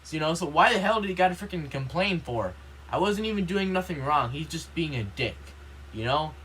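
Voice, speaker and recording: A man's voice: a little high, lively intonation, fairly quick, a bit bright, a little hiss or hum. A man ranting in a casual vlog, rambling with constant fillers, indignant and swearing when upset. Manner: rambling, heavy use of "you know", repeats himself. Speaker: vlogger.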